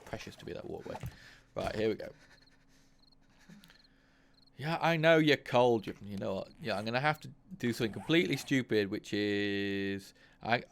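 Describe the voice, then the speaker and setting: This gaming channel host has a fairly low, creaky voice and speaks fairly quickly. His let's-play commentary is casual, full of thinking aloud and swearing when he gets frustrated.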